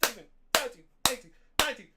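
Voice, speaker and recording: A man's voice: very high-pitched, animated, very fast, very noisy. A man streaming live, reading donations aloud, swearing and groaning in pain in a whiny, exasperated way. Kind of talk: casual live-stream chat.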